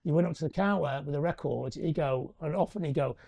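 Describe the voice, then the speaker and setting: A man's voice: fairly high pitch, fast, gravelly, warm tone, no echo. A middle-aged man, telling rambling anecdotes as a guest in a live interview and tagging his points with questions. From northwest England. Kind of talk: live on-stage interview chat.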